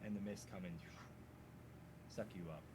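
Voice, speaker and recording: A man narrating scenes as a tabletop game master in a relaxed way, full of fillers. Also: low-pitched, moderate pace, husky.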